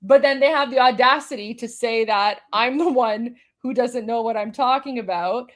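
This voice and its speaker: A woman's voice: on the high side, normal speed. A woman hosting a livestream, commenting casually on video clips in a mocking, incredulous way with many fillers. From Iran. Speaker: livestream host.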